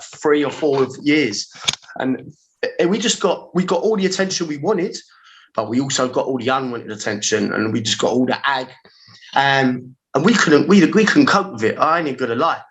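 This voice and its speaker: A man in his forties with a London accent, a podcast guest telling animated, slangy stories and acting out his own reactions. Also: medium pitch, moderate pace, noisy background. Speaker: podcast guest, former pirate radio engineer. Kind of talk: storytelling in casual chat.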